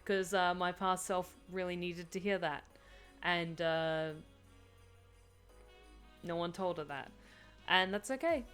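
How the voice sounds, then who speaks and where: Chatty woman streaming with soft music. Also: fairly low pitch, slow, pauses often. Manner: chatty, with many fillers and frequent laughs. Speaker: streamer answering viewer questions. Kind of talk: casual live-stream chat.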